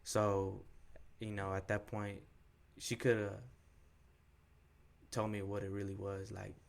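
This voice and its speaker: A young man with a low voice tells a personal story on a podcast. His delivery stays flat and level as he talks in candid, slangy, cuss-heavy speech, acting out what each person said. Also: takes it slowly, creaky. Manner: slangy, profane, frank retelling with quoted dialogue. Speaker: podcast co-host.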